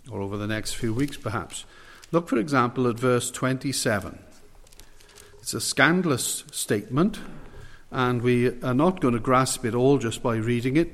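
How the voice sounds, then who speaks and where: A man preaching a sermon, emphatic and slowing down to stress key phrases. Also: medium pitch, long reverb tail.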